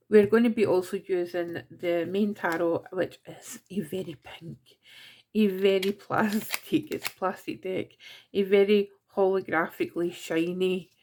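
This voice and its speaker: A woman's voice: mid-range voice, gravelly, darkish tone. Chatty Scottish woman reading tarot. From Scotland. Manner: chatty, self-mocking, giggly asides. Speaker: tarot reader. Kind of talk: casual monthly tarot reading.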